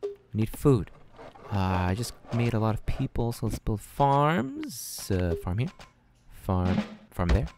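A young man talks his way through a strategy game in a casual let's-play, flustered and self-mocking, full of fillers and half-finished thoughts. His pitch jumps around a lot, and clear music plays behind him. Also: very animated, slow. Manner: flustered, self-deprecating, thinks out loud with many fillers. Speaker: gaming channel host.

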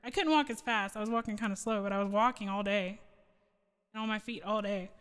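A woman's voice: mid-range voice, fairly quick, fairly bright tone, clear, resonant tone, big-room sound. A woman streamer chatting casually with viewers between song requests, rambling and laughing often. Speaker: streamer and singer.

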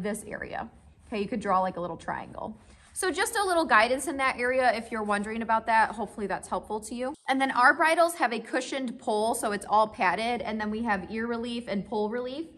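At a horse farm, a female rider and horse owner makes a casual instructional vlog, explaining each step warmly and pausing to check in with her viewers. She speaks in a slightly high, fairly bright voice.

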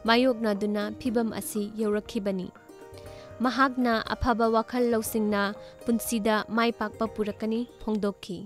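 A woman's voice: on the high side, fairly even intonation, rapid-fire, faint music behind. A woman with a Manipuri accent reading a scripted news voice-over, mixing English terms into her narration. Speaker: news reporter.

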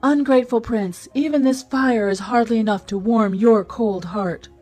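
A woman's voice: fairly high pitch, moderate pace, a little mellow, slightly rough, faint music behind, pitched above the performer's own voice. A scornful wicked fairy, as a woman reads her. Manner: disdainful, commanding. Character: spiteful ugly female fairy, scornful and possessive.

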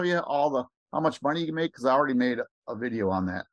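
An excited man talking fast and rambling as he walks viewers through a screen share for a recruiting pitch. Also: dry recording. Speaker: network marketing recruiter.

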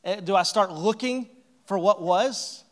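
High-voiced man preaching a casual sermon. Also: measured pace. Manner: conversational, jokey, acts out quoted lines. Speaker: pastor. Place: church sanctuary.

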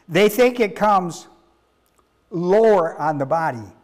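Preaching in an expressive, emphatic style, a man with a high voice teaches his congregation, quizzing them and repeating himself. Frequent restarts make his sermon delivery halting.

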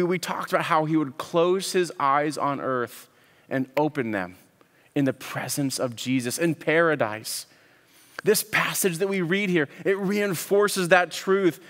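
A man preaching a sermon, earnest and deliberate, often repeating words as he builds a point. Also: a little high, in a large hall. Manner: earnest, with frequent word repeats and pauses. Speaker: pastor.

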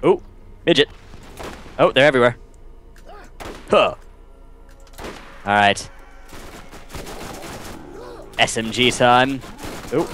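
Excitable man doing game commentary. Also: medium pitch, slight background noise. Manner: excitable, quick exclamations while playing. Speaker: gameplay commentator.

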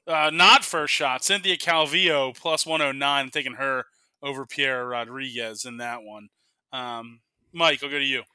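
A man's voice: medium pitch, sharp tone, clear, resonant tone, dry recording. A man hosting a casual sports betting podcast, leading the picks and joking with his co-hosts. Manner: leads the segment, quick and joking. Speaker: podcast host running the picks.

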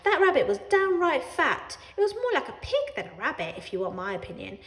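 Woman storyteller, wry cat voice, lively pitch, roomy echo. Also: brisk. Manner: wry, sardonic, expressive, laughs along. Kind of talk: children's read-aloud as a sarcastic cat narrator.

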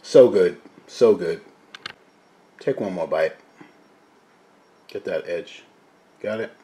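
Low-voiced man hosting a cooking vlog. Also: slow. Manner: chatty, talks straight to viewers as "guys"; quiet and mumbled while cooking, louder when addressing viewers. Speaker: cooking video host. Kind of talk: casual cooking vlog chat.

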